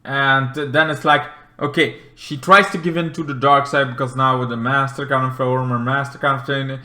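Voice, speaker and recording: A man recapping a video game in a rambling, excitable way, swearing often and acting out the characters in big voices. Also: medium pitch, moderate pace, echoey room. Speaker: game reviewer.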